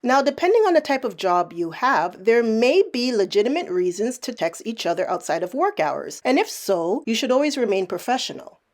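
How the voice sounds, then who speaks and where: A woman narrating a commentary video in a casual, pointed, sarcastic way. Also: on the high side. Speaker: commentary YouTuber.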